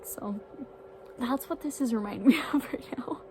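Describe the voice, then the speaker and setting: A young woman talking casually in a reading vlog, chatty and filling her talk with "like," swearing when excited. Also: a little high, normal speed, slight background noise, rough recording. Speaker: book vlogger.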